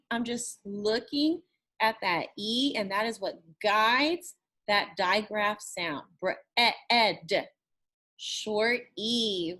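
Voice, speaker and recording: A woman's voice: a little high, sharp tone. A woman teacher giving a recorded lesson, encouraging, who repeats words and stretches sounds to model them. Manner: slow, encouraging, drawn-out praise.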